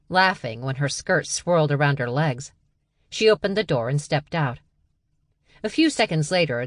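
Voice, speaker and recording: A woman narrating an audiobook in even, measured storytelling. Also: deep voice, dry recording, clean studio sound.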